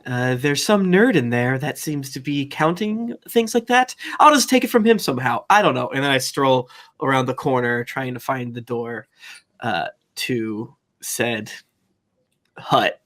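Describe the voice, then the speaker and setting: A man playing a tabletop game talks casually. He often trips over his words and jokes about his own rolls, and his pitch swings widely. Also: unhurried. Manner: animated, stumbling, joking. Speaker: tabletop player.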